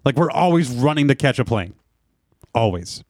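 A man co-hosting a casual podcast, telling an animated, profane story. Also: mid-range voice, moderate pace, no room sound, clean studio sound. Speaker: podcast co-host. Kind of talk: casual chat.

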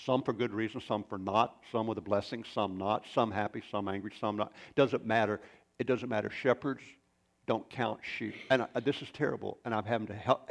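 A man's voice: on the low side, vocal fry. A male pastor preaching a sermon in a folksy, storytelling way, with rambling asides.

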